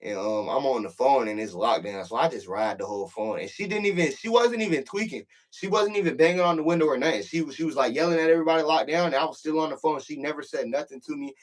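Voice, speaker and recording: A man's voice: fairly high pitch, fast talker, few pauses. A man telling a prison story in casual, profane talk, acting out the voices in the quotes.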